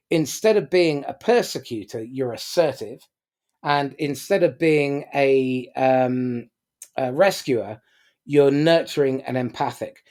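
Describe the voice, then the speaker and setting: Emphatic man, lively pitch. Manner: emphatic, with frequent um and uh fillers. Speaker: podcast guest speaker. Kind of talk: casual motivational talk.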